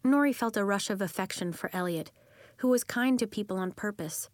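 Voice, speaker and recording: A woman's voice: brisk, no room sound. A woman reading a children's chapter book aloud as narrator, giving the characters their own voices. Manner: acts out children's voices with lively pitch jumps. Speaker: audiobook narrator. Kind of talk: scripted storybook narration.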